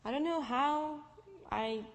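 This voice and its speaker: A woman's voice: sits high, slow. Russian-accented woman, reverberant hall. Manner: lively storytelling with restarts and acted-out dialogue. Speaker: speaker giving testimony. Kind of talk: personal faith testimony told to an audience. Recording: long reverb from a large hall.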